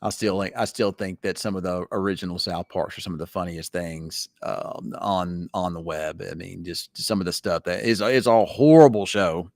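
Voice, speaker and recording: Weather host, casual late-night chat, rambling and teasing, low dry voice. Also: male voice, fairly even intonation, moderate pace, hardly any pauses, no room sound.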